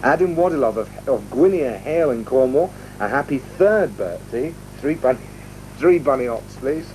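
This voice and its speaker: Brief: male children's TV presenter reading birthdays, cheerful, mellow tone, old broadcast audio with light hiss. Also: mid-range voice, lively intonation, moderate pace, poor audio. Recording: archive TV audio with faint noise.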